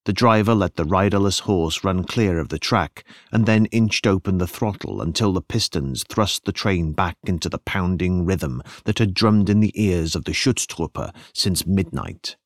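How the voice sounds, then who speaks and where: A male audiobook narrator with a deep voice delivers scripted narration in a measured, expressive storytelling style. The studio sound is clean, with no echo.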